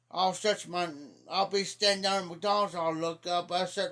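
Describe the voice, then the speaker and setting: A man from talks in a high voice. He rambles through folksy stories about local sayings. He teases his listener as he goes. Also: little pitch movement, moderate pace, hardly any pauses, a bit bright. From Ohio. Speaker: livestreamer. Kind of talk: casual storytelling.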